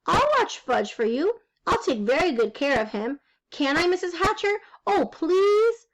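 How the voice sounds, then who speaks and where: A bossy young girl who is always eager to be in charge, voiced by a woman reading aloud. She talks in a high, pushy voice and speaks up over everyone around her in this storybook reading. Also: big pitch swings, normal speed, rough recording.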